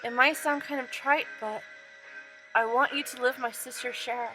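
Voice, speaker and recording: A woman's voice: sits high, steady tone, moderate pace, bright, forceful tone, faint music behind, rough recording. A woman voicing a sincere, grieving young brother while reading a game aloud.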